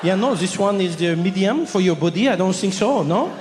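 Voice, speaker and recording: A condescending male French shop clerk with a French accent, tacking "no?" and "okay?" onto every verdict, as a stand-up comic puts him on. The voice sits high, and it rings out in an echoey hall with faint noise behind. It is a stand-up character voice. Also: lively intonation, fairly quick, a little mellow. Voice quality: clipped, dismissive tag questions.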